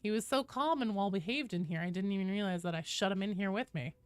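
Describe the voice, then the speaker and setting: A young woman streaming a game from her closed-off home office talks fast in a medium-pitched, clear, resonant voice, recorded dry. She keeps up casual chat with her viewers and her cat and reads the queue aloud.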